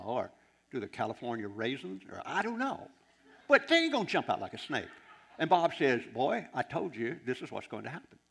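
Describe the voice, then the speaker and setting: A preacher in his sixties tells sermon stories in an animated, rambling manner, often starting sentences over. His voice sits at a middling pitch with a gravelly, creaky edge. He sounds lively and informal. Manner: animated, rambling, with many restarts. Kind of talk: anecdotal sermon storytelling.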